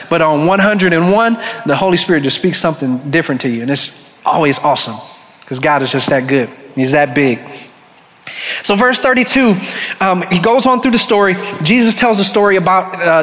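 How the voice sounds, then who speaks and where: A man preaches in a relaxed, conversational way and slips into short dramatic voices for the people in his story. His voice sits high, and the sound rings out with the long reverb of a church sanctuary. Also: moderate pace. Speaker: pastor. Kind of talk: sermon.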